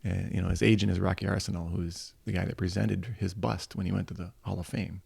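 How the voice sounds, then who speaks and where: A man's voice: low voice, brisk, gravelly, husky, no room sound. A middle-aged man from Michigan, a football coach, telling stories in a casual interview and acting out the people he quotes. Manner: animated anecdotes, acting out quoted voices. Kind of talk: casual storytelling.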